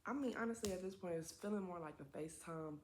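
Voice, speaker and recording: A young woman with a low voice tells a story on her vlog. Her talk is slangy and full of swearing, with chatty side comments. Faint noise sits behind her. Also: quick pace. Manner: slangy, profane, chatty asides. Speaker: vlogger. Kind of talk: casual storytime.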